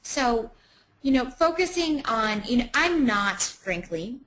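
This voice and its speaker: A woman's voice: a little high, lively intonation, slow, a bit bright, poor audio. A woman presenting a webinar in a chatty way, with many ums.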